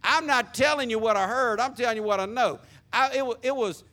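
Animated preacher with a bright, high voice. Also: male voice, brisk. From Florida. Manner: animated, swings from loud to hushed, folksy storytelling. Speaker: pastor. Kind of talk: sermon.

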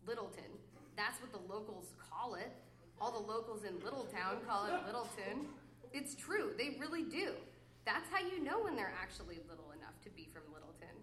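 A woman's voice: medium pitch, expressive, brisk, fairly bright tone, reverberant. A woman performing a live poetry reading, mock-flirty and exasperated, swinging between cooing asides and mutters. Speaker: poet reading her work. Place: reading series venue with an audience.

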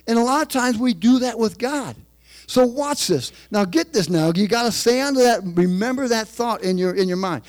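High-voiced man preaching a sermon. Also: expressive, normal speed. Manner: preaching with call-and-response, switches between quiet asides and raised emphasis. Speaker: pastor.

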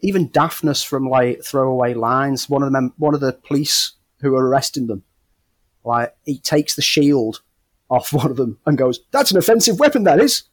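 Male podcast co-host, mid pitch, amused and chuckly, dry close sound. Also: fairly even intonation, normal speed, no echo. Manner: amused, chuckling, trailing off into laughter. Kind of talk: casual film chat.

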